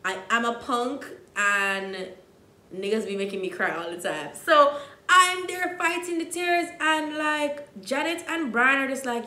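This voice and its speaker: A young Jamaican woman with a Jamaican accent, telling a dramatic storytime, dropping to hushed asides and rising to loud outbursts. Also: fairly high pitch, measured pace, roomy sound. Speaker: vlogger. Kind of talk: storytime vlog.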